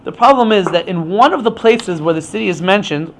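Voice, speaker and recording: A man's voice: high-pitched, expressive, fairly quick, slight background noise. A man teaching an informal Torah class, explaining with many stammered restarts.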